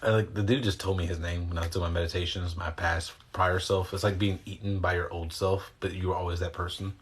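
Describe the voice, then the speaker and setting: Deep-voiced man rambling on a livestream. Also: little pitch movement, a little fast, slight background noise. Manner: rambling, loose and slangy, with mild swearing. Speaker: livestreamer answering viewer questions. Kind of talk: casual livestream chat and guided breathing instruction. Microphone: phone.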